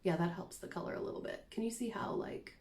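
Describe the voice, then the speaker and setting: A woman's voice: medium pitch, fast, a little mellow. A woman chatting casually and self-deprecatingly as she shows her cross-stitch projects to the camera. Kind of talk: casual show-and-tell chat.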